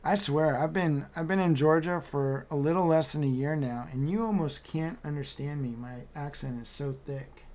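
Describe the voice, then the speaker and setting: Over a computer mic on a video call, a man leads a live online miniature painting class, chatting and joking casually as he works. His voice sits on the high side with a darkish tone, and he keeps a moderate pace with few pauses.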